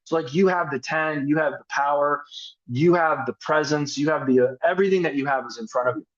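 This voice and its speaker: Man, sales coaching talk, casual and energetic, slightly high pitch, dull lo-fi sound. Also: brisk. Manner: casual, energetic, acts out sample dialogues. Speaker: network marketing team leader.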